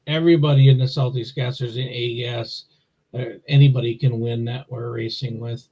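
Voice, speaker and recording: A man from Wisconsin talking casually as a guest on a podcast, with a husky, slightly breathy voice. He rambles in a plainspoken way and restarts his phrases. The sound comes through muffled and lo-fi, like a remote call. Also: mid-range voice, fairly even intonation, normal speed, dark tone. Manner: rambling, repeats himself, plainspoken. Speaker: guest, gasser drag racer. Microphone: remote video call.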